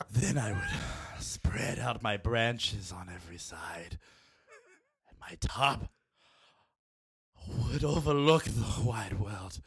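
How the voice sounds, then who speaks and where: A man's voice: wildly swooping pitch, full character voice. A man whispering as a sultry longing tree, whispered role-play. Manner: breathy, slow and deep, mock-seductive.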